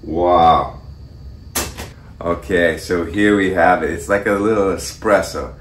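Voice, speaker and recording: A man hosting a casual how-to video, talking viewers through each step in his kitchen in a relaxed, chatty way. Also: low voice, moderate pace, echoey room, far from the mic, slight background noise. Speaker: host of a how-to channel. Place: kitchen indoors.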